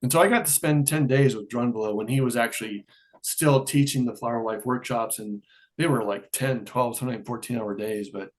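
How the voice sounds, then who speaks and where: A middle-aged man with an ordinary medium-pitched voice, speaking as an interview guest. He tells his story casually, with plenty of life, and slips into the voices of the people in it. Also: brisk. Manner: lively storyteller who acts out quoted dialogue.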